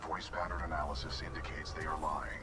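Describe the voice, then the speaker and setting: An actor playing a huge male military robot that speaks in precise, dutiful, clipped reports. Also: fast talker. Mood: formal calm. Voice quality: deep, flat machine-like delivery. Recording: distant game audio under loud noise.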